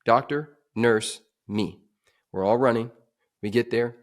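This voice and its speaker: A man on a podcast telling a dramatic personal story, swinging from emphatic to hushed. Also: mid-range voice, slow. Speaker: podcast guest.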